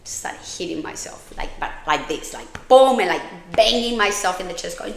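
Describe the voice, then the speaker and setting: A woman's voice: medium pitch, lively intonation, moderate pace, creaky, few pauses, reverberant, slight background noise. A woman hosting a podcast, telling her own story in a frank, candid way, swearing freely and often restarting her sentences. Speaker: podcast host.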